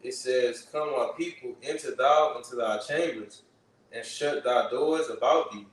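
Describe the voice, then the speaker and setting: A man reading scripture verses aloud in a study group at a measured pace. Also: mid-range voice. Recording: echoey room, distant from mic, faint noise.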